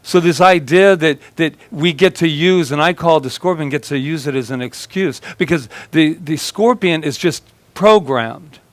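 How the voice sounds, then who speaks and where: A man's voice: fairly high pitch, normal speed, hardly any pauses, no echo. A male minister giving a conversational sermon, telling stories with a humorous, self-deprecating manner.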